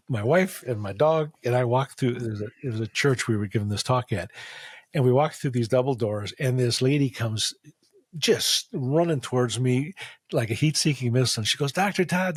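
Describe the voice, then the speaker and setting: Husky man telling a story animatedly. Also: medium pitch, dry recording. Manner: animated storyteller acting out quoted dialogue. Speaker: guest, facial diagnosis practitioner. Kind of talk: storytelling in a podcast interview.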